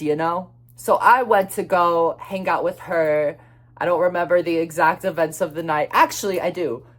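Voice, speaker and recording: A young man chatting through a personal story in a casual vlog, rambling and swearing freely, quick to flare up. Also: a little high. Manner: chatty and expressive, swears freely, flares up when retelling anger; rambling, restarts and many fillers.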